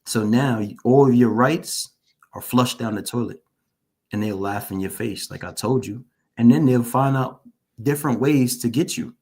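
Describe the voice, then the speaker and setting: A man's voice: mid-range voice, moderate pace, darkish tone, breathy edge. Earnest man giving shaken testimony. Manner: earnest, repeats phrases for emphasis; openly shaken while recounting. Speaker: guest, formerly incarcerated. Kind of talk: personal testimony in an interview.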